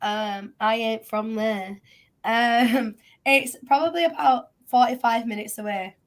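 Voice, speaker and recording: A woman's voice: fairly high pitch, a little slow. A woman with a Yorkshire accent, a guest in a casual chat, easygoing and laughing often. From Yorkshire, England. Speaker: guest psychic medium.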